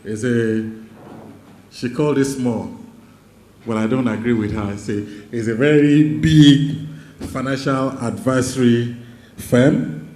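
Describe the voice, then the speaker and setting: A man acting as master of ceremonies at a conference, introducing the next session in a slow, formal manner with pauses. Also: mid-range voice, steady tone, mellow. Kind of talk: formal event announcing. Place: large conference hall. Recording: echoey hall.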